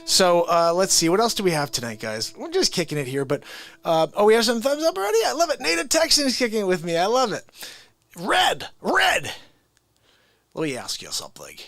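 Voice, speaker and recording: A man's voice: high voice, huge pitch swings, fairly quick, vocal fry, fairly bright tone, no echo, studio quality. A man hosting a casual livestream, chatting directly to viewers about his impressions.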